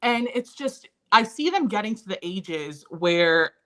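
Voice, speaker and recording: A woman's voice: medium pitch, very animated, unhurried, pushed and bright. A woman in her thirties, an interview guest, candidly and earnestly recounting painful family memories. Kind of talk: personal storytelling in a conversation.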